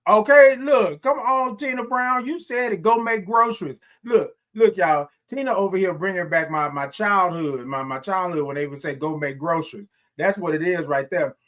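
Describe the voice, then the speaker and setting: A man's voice: sits high, moderate pace, hardly any pauses, fairly bright tone. Folksy Texan man hosting a morning stream. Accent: Southern US, Texas. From Houston, Texas. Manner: folksy, repeats himself, greets viewers by name. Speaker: morning show host. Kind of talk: casual livestream chat.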